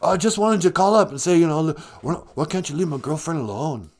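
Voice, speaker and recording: A man voicing a mellow male movie star caller who drawls surfer slang like dude and gnarly. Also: on the high side, lively intonation, fairly quick. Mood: laid-back.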